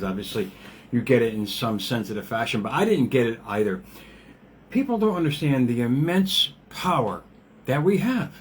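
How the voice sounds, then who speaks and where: A man's voice: medium pitch, a little hiss or hum. Rambling middle-aged man giving a pep talk. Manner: rambling, laughs often, casual swearing. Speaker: motivational podcast host. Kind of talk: casual motivational livestream talk.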